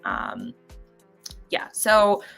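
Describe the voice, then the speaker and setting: Bright-voiced woman chatting on a live stream. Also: soft background music. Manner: halting, with many fillers and frequent laughs. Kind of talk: casual live-stream chat, greeting viewers.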